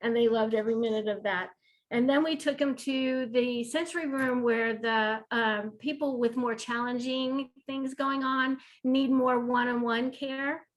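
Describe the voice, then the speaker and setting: A woman's voice: fairly high pitch, fairly even intonation, measured pace, rough recording. A woman who leads a disability ministry, telling an enthusiastic, rambling story on a video call. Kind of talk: video call roundtable sharing.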